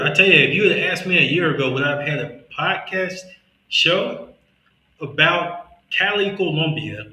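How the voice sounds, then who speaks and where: A man's voice: fairly high pitch, animated, moderate pace, bright, forceful tone, reverberant, poor audio. A man from Mississippi with a Southern accent and a slight lisp, hosting a podcast in earnest, motivational casual conversation. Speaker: podcast host.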